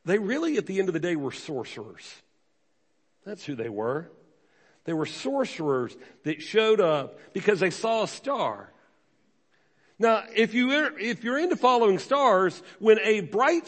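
A man's voice: sits high, very animated, a little slow, breathy edge. Man preaching in a reverberant hall. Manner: emphatic, conversational preaching with rhetorical questions. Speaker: pastor. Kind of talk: sermon.

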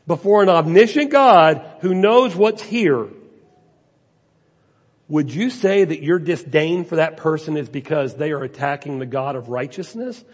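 A man's voice: a little high, breathy edge. A man preaching a sermon as a pastor, with rhetorical questions and emphasis that rises and falls. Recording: long hall reverb.

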